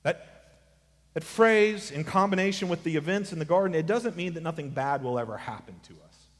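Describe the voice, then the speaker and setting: A man preaching an expository sermon, swinging from quiet asides to emphatic lines, mixing in casual remarks. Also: a little high, animated, moderate pace, in a large hall. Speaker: pastor.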